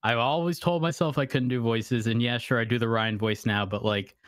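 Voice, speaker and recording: Guest voice, giggly and self-deprecating, bone-dry sound, mid pitch. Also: fairly even intonation, brisk, dry recording. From Massachusetts. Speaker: podcast guest, roleplayer. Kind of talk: casual chat.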